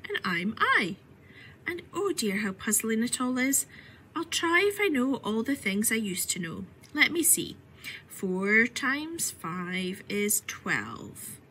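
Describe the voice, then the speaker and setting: A woman voicing a curious, fretful little Victorian girl in a storybook reading, switching between a bright voice and hushed whispers. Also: on the high side, a little hiss or hum, exaggerated voice, low-quality recording.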